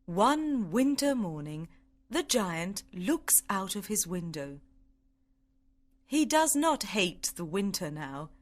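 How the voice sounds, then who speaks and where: A woman reading a simple story aloud with careful, clear delivery for English learners. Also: mid-range voice, big pitch swings, slow pace.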